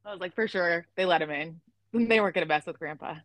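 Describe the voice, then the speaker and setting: A woman from Illinois hosting a casual podcast chat, chatty and quick to laugh, with lots of fillers. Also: lowish voice, no room sound, rough recording. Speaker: podcast host.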